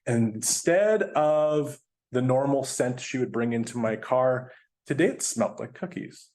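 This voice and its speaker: Man, guest speaker, mid-range voice, lively storyteller. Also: mid-range voice, a little slow. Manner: animated, chatty, laughs while telling. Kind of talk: storytelling presentation.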